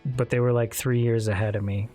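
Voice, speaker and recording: A man's voice: medium pitch, level tone, brisk, warm tone, soft background music. Rambling man chatting on a live stream. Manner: rambling, candid, swears casually. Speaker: streamer talking with chat. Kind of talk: casual live-stream chat.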